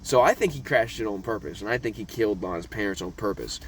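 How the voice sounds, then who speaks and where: A young man giving a casual, profane rant about a TV episode from his notes, excitable and laughing, swinging from loud high outbursts to low mumbles. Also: quick pace, a little hiss or hum. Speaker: vlogger reviewing a TV episode.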